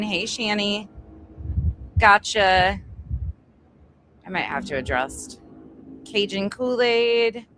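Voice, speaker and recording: At home, a woman livestreams casually, chatting, greeting viewers one by one, and swearing freely. Her medium-pitched voice sounds pushed and bright, the audio is poor, and construction noise comes from upstairs.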